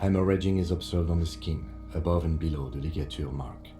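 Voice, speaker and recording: An actor playing a calm, methodical police lieutenant in a video game, speaking in a measured, clinical, composed way. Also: male voice, low voice, music in the background, lightly acted.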